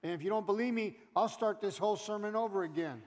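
A middle-aged man preaching a sermon as pastor, animated, swinging from loud exhortation to quiet asides. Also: high voice, fast, slight background noise. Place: church sanctuary. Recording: long hall reverb.

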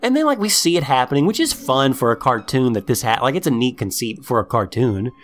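A man in casual chat, recapping a cartoon episode with lively storytelling and lots of "like", acting out the characters' lines. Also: mid-range voice, a little fast. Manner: profane, lots of "like". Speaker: podcast co-host recapping a cartoon.

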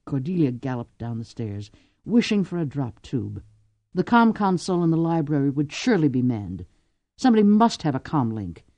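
A woman narrating a novel aloud with expressive, lively storytelling. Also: low-pitched, normal speed, no echo. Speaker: audiobook narrator. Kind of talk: scripted narration.

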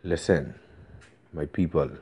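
A man's voice: rumbling low, steady tone, takes it slowly, mellow, husky. A Bahamian man with a Bahamian accent, recording an urgent, pleading voice message in a preachy, insistent way. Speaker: voice-note sender. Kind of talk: voice message monologue.

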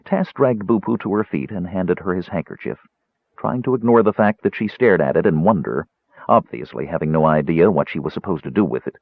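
Husky, low-voiced male audiobook narrator. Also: dry recording. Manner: expressive, measured storytelling. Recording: dry, slightly dull audio.

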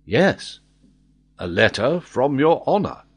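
A man with a husky voice reading the lines of a faithful old sailor who answers calmly and plainly, in an audiobook. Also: mid-range voice, takes it slowly, soft background music, voice pushed up, exaggerated voice. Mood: puzzled. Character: faithful old male ship's sailor, bewildered.

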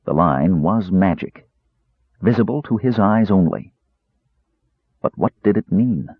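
Deep-voiced man narrating a fantasy story. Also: unhurried, husky, no echo. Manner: expressive storytelling. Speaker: audiobook narrator. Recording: dull lo-fi recording.

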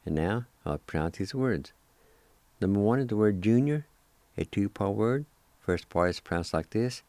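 A man hosts a radio language lesson, spelling and pronouncing words with patient repetition. His voice sits very low and mellow, and he talks slowly. The recording is dry and close. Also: expressive, dry recording. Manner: patient, repeats each word several times.

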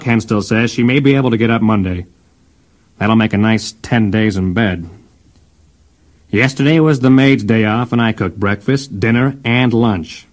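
Man reading letters with dry wit. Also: mid-range voice. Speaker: reader of letters. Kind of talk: reading personal letters aloud.

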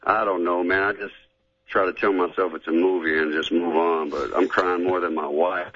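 In a relaxed radio interview, a middle-aged man who once played football speaks in a laid-back drawl, often dropping "man." His low voice keeps a steady tone at a moderate pace and sounds fairly bright despite the dull lo-fi radio recording.

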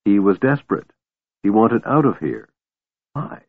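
A man narrating a fantasy novel in a steady, measured way, recorded dry with a narrow phone-like sound. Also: lowish voice, no echo. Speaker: audiobook narrator.

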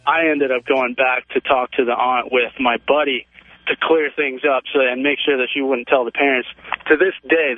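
A young man calling in to a talk show, telling a story in a rambling, excited way, full of "man" and "like". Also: medium pitch, no room sound. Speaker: caller. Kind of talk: phone-in storytelling. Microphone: telephone. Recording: tinny phone line, dry.

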